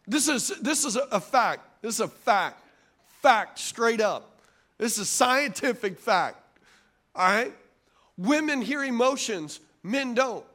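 A middle-aged pastor preaches a sermon in an animated, conversational style, turning aside to speak to the congregation. His voice is very high and his pace is slow.

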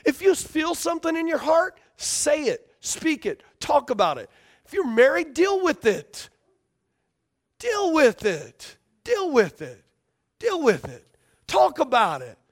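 A man's voice: very high voice, wildly swooping pitch, unhurried, gravelly. A man preaching a sermon as a pastor, emphatic and repetitive, often asking the congregation for responses.

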